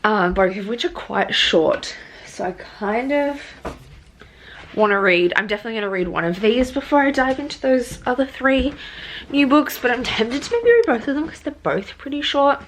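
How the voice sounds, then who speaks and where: A woman's voice: a little high, expressive, moderate pace, slight background noise. A young Australian woman chatting casually about new books for her vlog, rambling with plenty of ums and restarts. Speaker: book vlogger. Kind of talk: casual book haul vlog.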